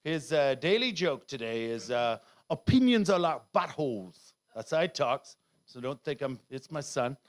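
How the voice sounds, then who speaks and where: A middle-aged man performing a rambling, self-heckling stand-up set, now and then bursting into shouts. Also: mid-range voice, big pitch swings, normal speed. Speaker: stand-up comedian.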